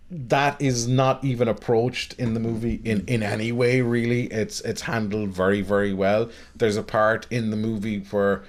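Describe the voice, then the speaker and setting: A man's voice: on the low side, little pitch movement, moderate pace, few pauses. Rambling, joking male podcast host. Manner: rambling, joking, many fillers. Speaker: podcast host, film reviewer. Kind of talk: casual chat.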